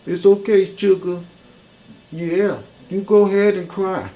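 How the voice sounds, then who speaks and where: A man's voice: high voice, fairly even intonation, unhurried, dark tone, voice pushed up, low-quality recording. A man voicing a sweet-talking man who soothes a weeping churchgoer while taking their money. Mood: coaxing. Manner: soothing, wheedling.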